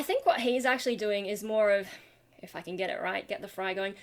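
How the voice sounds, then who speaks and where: A woman's voice: mid-range voice, fairly quick. A tired young woman, a singer and channel host, rambling casually and self-deprecatingly about vocal technique into a webcam. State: tired from lack of sleep. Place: home, talking to a webcam.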